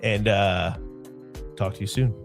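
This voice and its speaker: A man hosting a casual football podcast alone, talking in a loose, rambling way with his voice gone hoarse. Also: fairly low pitch, steady tone, slow pace, music in the background. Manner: loose, rambling, with frequent fillers and restarts. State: hoarse, voice partly lost. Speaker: podcast host.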